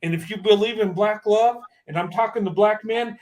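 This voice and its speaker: Man in his fifties, high-pitched voice, impassioned testimony, emphatic and repetitive. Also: normal speed, darkish tone. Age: 50s. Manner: emotional, emphatic, repeats himself.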